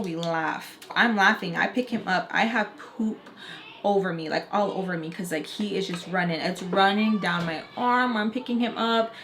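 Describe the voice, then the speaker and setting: A young woman tells a casual storytime in a chatty, filler-heavy way. She acts out what people said as she goes. Her voice sits at a middle pitch, with a faint hiss of noise in the background. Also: a bit bright. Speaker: storytelling vlogger.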